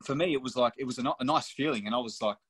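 The speaker is a young Australian man, a pro footballer on a podcast, whose storytelling is casual, blunt and laced with swearing. He races along in a mid-range voice that is husky and a bit bright, and the recording is dry.

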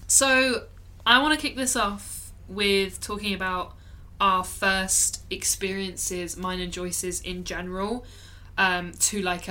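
Woman podcast co-host with a bright tone, loose chatty delivery, frequent laughs and ums. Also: fairly low pitch. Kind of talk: casual chat.

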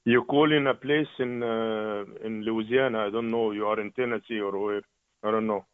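A man's voice: lowish voice, steady tone, normal speed, clear, resonant tone, no echo. A man answering a prank call, giving short, puzzled replies. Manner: plain, puzzled, brief answers. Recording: tinny phone line.

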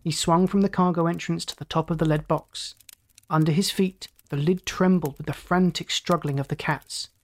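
Steady storybook narrator. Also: medium pitch, moderate pace. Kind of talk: audiobook narration.

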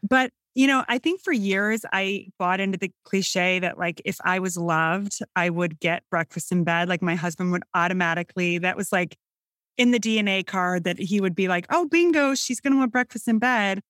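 A woman's voice: lowish voice, moderate pace, dry recording. Chatty Midwestern woman, dry sound. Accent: Midwestern American. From American Midwest. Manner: chatty, animated storytelling. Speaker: cookbook author guest. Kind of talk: casual conversation.

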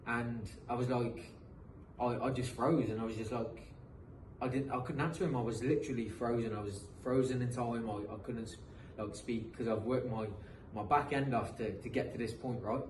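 An earnest English man in his thirties, a professional footballer appearing as a guest, tells his football story in a loose, casual interview style, motivational and full of restarted phrases. His mid-range voice is steady and moderately paced, heard from a slightly distant mic in an echoey room with faint hiss.

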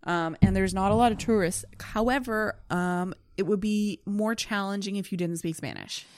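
Young woman, tipsy, animated storyteller, casual chat, dry close recording. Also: medium pitch, normal speed, dry recording. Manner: animated storyteller, acts out quotes, laughs often. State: tipsy from wine.

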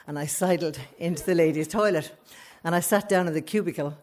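A woman's voice: lowish voice, brisk. Laughing Irish woman telling a story. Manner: frank, animated, laughing often. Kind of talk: live storytelling to an audience.

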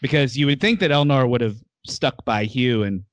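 Animated man recapping a show. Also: mid-range voice, moderate pace, dry recording. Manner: animated storyteller, acts out characters' lines. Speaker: podcast host. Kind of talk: casual chat recapping a TV episode.

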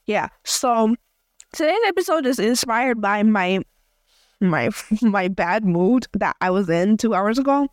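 A young woman from Africa talks through her day in a casual podcast rant, rambling and full of fillers and restarts. Her voice sits at an ordinary middle pitch for a woman. The recording is dry and close, with no room sound. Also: lively intonation, unhurried, dry recording. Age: young adult. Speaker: podcast host. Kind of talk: casual audio journal rant.

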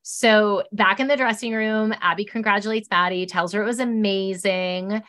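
A woman co-hosting a podcast, chatting casually and telling the story in an animated way. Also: moderate pace. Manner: animated storytelling, mimics others in high voices. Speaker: podcast co-host recapping a reality show. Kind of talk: casual chat.

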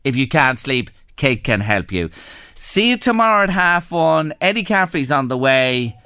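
Casting: upbeat radio presenter, bright and crisp, dry studio sound. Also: male voice, mid-range voice, big pitch swings, dry recording. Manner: upbeat, enthusiastic, drawn-out emphasis. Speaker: radio show host. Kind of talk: live radio interview. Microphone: studio microphone.

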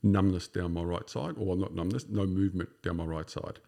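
A man's voice: sits low, brisk, creaky, warm tone. An Australian man in his fifties, a podcast guest telling his own story in a casual, rambling way with many fillers. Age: 50s. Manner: rambling, full of "sort of" and "you know" fillers.

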